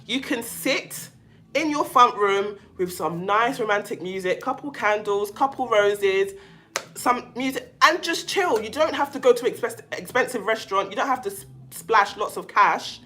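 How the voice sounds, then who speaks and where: A woman's voice: fairly high pitch, animated, normal speed, bright, forceful tone, a little hiss or hum. A woman hosting a casual livestream, chatting to her viewers with lots of fillers and restarts, and reading out their comments as she goes. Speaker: livestream host on narcissistic abuse.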